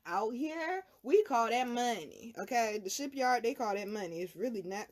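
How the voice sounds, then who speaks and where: A woman telling a personal story to her viewers in a blunt, heavily profane way. Her pitch is fairly high and swings widely as she gets fired up. She talks like a casual chat with friends. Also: expressive, normal speed. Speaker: tarot reader and channel host.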